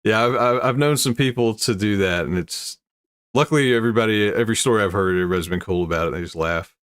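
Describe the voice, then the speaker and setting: A man's voice: on the low side, fast talker, a bit bright, clear, resonant tone, no echo, clean studio sound. A man hosting a casual live-streamed chat about odd news stories, laughing often and rambling as he reacts to viewer comments. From United States. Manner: chuckling, rambling, self-interrupting. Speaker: streamer host.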